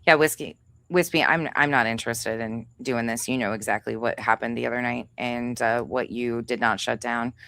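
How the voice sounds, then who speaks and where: An extremely low-pitched, creaky woman's voice with a fairly bright tone and fairly even intonation speaks at normal speed in a dry recording. She's a livestream host in a heated rant, angry, profane and confrontational, calling out another creator and reading chat names.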